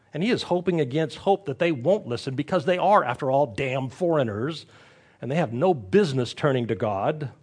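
A man delivers a sermon, retelling the story with animated, wry energy. His voice sits in a middle pitch. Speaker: preacher.

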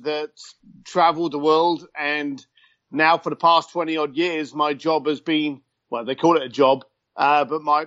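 A man's voice: a little high, a bit bright, dry recording, lo-fi sound. A man with an East London accent, chatting as a guest in an interview and joking at his own expense. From East London, England. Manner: chatty and self-deprecating, quick with a joke. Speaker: guest, luxury concierge. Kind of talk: casual interview chat over a call.

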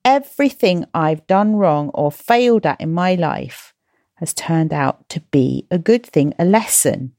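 A woman hosting a podcast for children, chatty and gently self-mocking as she encourages her listeners. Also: on the low side, expressive, unhurried, no echo, clean studio sound. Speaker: podcast host and coach for children. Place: at home, in slippers.

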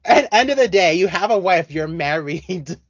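A man co-hosting a podcast in casual chat, talking in an animated, rambling way with many restarts. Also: high voice, normal speed, husky, dry recording, lo-fi sound. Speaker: podcast co-host.

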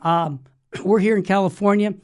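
A man's voice: sits high, steady tone, normal speed, smooth. A man hosting a Catholic radio talk show while fighting a cold, upbeat and preachy as he speaks straight to listeners. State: has a cold.

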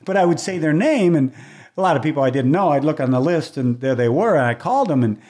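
A man in his sixties, a longtime race announcer, telling stories in a relaxed interview, acting out other people's voices and laughing often. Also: fairly high pitch, fast talker. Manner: animated storyteller, acts out voices, laughs often. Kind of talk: casual storytelling interview. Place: moved from Hawaii, on the mic in Southern California for decades.

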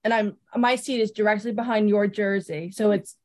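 A woman's voice: mid-range voice, fairly even intonation, moderate pace, a little mellow. A woman fan and season ticket holder, talking earnestly in a casual chat, with frequent ums. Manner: earnest, eager, many ums.

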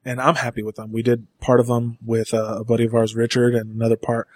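A man's voice: mid-range voice, monotone, quick pace, darkish tone, no room sound. A man guest in a podcast studio, chatting casually and rambling with frequent restarts and casual swearing. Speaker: band member guest.

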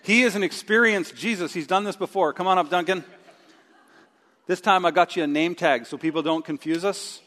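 A middle-aged male pastor preaching a sermon with a live stage demonstration, animated and acting out his own inner voice with groans. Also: high voice, brisk. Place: church sanctuary. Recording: long reverb of a large hall.

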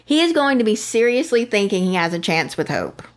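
A woman's voice: medium pitch, sing-song, fairly quick. A woman co-hosting a casual podcast, chatting her way through a soap opera recap. She tells it loosely, with plenty of fillers, and slips into quoting the characters. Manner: chatty, recounts scenes with fillers and acted quotes. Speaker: podcast co-host.

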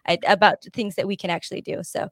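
A woman's voice: medium pitch, fairly even intonation, fast, no room sound. A woman hosting a call-in show, talking in a slightly rambling, friendly way. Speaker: host.

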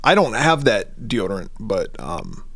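A man's voice: fairly low pitch, wildly swooping pitch, unhurried, a bit bright, breathy edge, no echo. A man in his thirties co-hosting a podcast, recapping a movie in crude, casual banter, swearing, laughing and rambling. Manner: profane, laughing, rambling storyteller. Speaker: podcast co-host.

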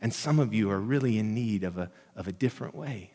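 A man preaching a sermon as pastor, earnest and emphatic, rising on quoted lines and dropping soft and low. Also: animated, fairly quick, big-room sound. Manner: earnest, builds to emphatic quoted lines, drops to near whisper.

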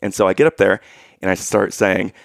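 A man's voice: low voice, little pitch movement, fairly quick, gravelly, dry recording, studio quality. A man co-hosting a casual chat, telling personal stories animatedly and laughing often. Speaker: podcast co-host.

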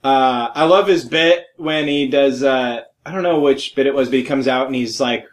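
A man's voice: mid-range voice, normal speed, echoey room. A young man joking crudely and laughing often in casual banter among friends.

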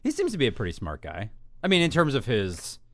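Animated, joking male podcast co-host. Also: medium pitch, a little fast, no room sound. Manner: jokey, laughs often, animated. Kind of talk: casual chat. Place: Chicago.

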